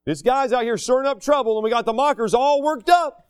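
A man's voice: extremely high pitch, brisk, clear, resonant tone, dry recording, clean studio sound. A man preaching a sermon, talking casually and acting out the people he quotes. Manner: animated, acts out the people he quotes.

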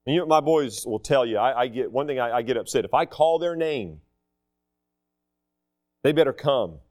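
A man's voice: mid-range voice, expressive, normal speed, a little mellow. A middle-aged man preaching a sermon in a conversational, self-deprecating way with humor.

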